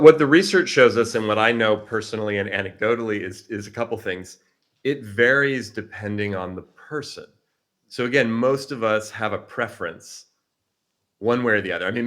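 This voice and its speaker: Middle-aged male keynote speaker on a video call, low voice, sincere storyteller. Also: a bit bright. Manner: earnest, reflective storytelling. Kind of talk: motivational talk with personal story.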